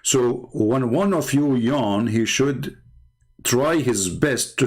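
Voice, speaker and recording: A man's voice: mid-range voice, slow, a little mellow. A man hosting a live online debate stream, sarcastic and mocking, speaking English with non-native grammar. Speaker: livestream host.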